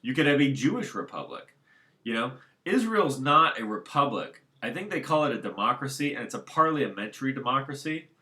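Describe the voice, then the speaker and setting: Guy rambling on at home, bright voice, middle pitch, keeps circling back to his point. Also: very animated, brisk. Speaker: solo commentator. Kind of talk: casual unscripted monologue.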